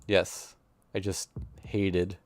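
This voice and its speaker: A man's voice: deep voice, completely flat delivery, extremely slow. A man streaming, reading a visual novel aloud in an intense, emotional first-person narration.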